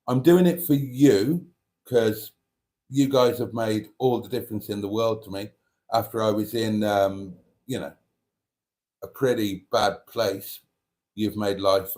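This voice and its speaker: Man, lower voice, self-deprecating live-stream host, chatty and candid. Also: a little mellow. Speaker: YouTuber hosting a live stream. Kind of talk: casual live-stream chat reading comments.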